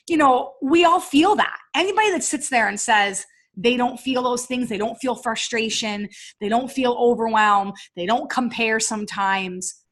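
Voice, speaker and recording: A woman in her thirties, a business and fitness coach, telling a personal story in an energetic, emphatic motivational talk. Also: fairly high pitch, breathy edge.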